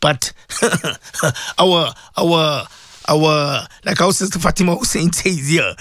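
A South African man hosting a radio talk show, speaking in impassioned commentary with emphatic repetition and frequent throat clearing. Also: high voice, expressive, moderate pace, fairly bright tone, dry recording, studio quality.

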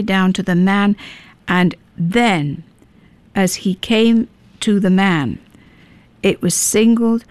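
A woman preaching with earnest, pleading intensity, pressing her listeners with question after question. Her voice sits at an ordinary pitch. The recording is dry and close, with little room sound. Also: dry recording. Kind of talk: sermon.

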